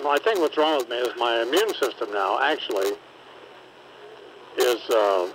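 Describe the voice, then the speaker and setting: A man's voice: mid-range voice, expressive, unhurried. A man joining morning radio banter, talking in a rambling, self-deprecating way. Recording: noisy old radio aircheck.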